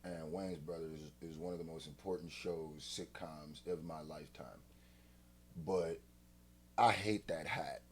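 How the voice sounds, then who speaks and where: A man hosting a reaction video in casual commentary, joking loudly one moment and muttering low the next. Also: unhurried. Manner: animated, jumps from loud joking to low mutters.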